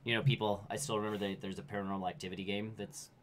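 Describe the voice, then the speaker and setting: A man's voice: lowish voice, level tone, racing, fairly bright tone, slight background noise. A man co-hosting a casual nerd news show, chatting about video games and acting out players' panicked reactions.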